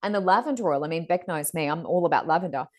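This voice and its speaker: Woman, chatty podcast co-host, slightly low voice, loose filler-heavy talk. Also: lively intonation, fast talker. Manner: chatty, frequent fillers and "you know". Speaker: podcast co-host, psychic reader. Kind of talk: casual spiritual wellness chat.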